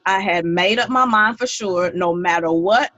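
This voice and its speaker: A woman's voice: fairly low pitch, moderate pace, pushed and bright, dry recording, muffled recording. A woman in her thirties, a podcast guest, telling her life story in an earnest, heartfelt way. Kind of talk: podcast interview.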